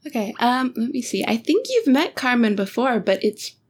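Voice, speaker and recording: A woman's voice: a little high, sing-song, normal speed, breathy edge. A woman running a tabletop game, hesitant and giggly, with many ums. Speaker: game master.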